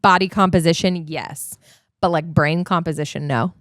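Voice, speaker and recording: A woman chats as a podcast guest and drops quick, deadpan quips. Her voice sits somewhat low. The sound is close and dry, with no room around it. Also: no room sound. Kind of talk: casual podcast banter.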